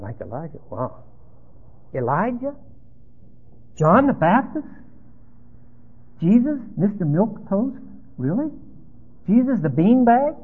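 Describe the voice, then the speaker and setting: Brief: scoffing male street reporter, low and hushed, put on by a preacher, tinny lo-fi sound. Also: slightly rough, full character voice. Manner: incredulous, mocking.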